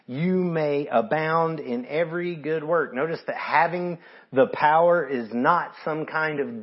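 Husky preacher man, dull recording. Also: fairly high pitch. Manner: conversational preaching, swings from quiet to emphatic, acts out givers. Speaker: pastor. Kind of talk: sermon. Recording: dull lo-fi sermon audio.

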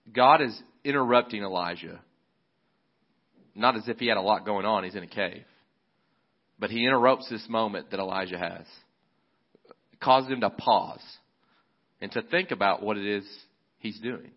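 A man preaching a sermon as a pastor, relaxed and conversational, often restarting his phrases. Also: on the low side, a little fast, pauses often, dull audio.

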